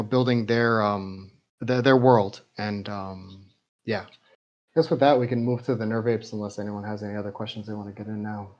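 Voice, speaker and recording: A man hosting a livestream community chat, relaxed and hesitant with fillers. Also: medium pitch, dull audio. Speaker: host.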